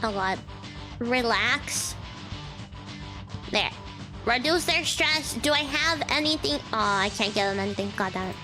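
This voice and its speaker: A woman's voice: on the high side, animated, unhurried, pauses often, music in the background. A woman streaming a story game, reading the lines aloud and breaking off into exasperated comments.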